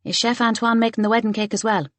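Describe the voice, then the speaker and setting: A woman's voice: on the high side, flat delivery, quick pace, no echo, voice pushed up, lightly acted. A woman reading the part of a young village woman in an audiobook.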